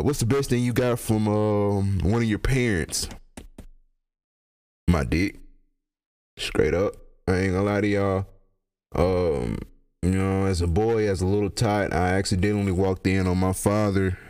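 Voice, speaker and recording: A man's voice: lowish voice, darkish tone. A young man hosting a casual solo podcast, talking in loose, profane slang and often trailing off into laughter. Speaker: podcast host.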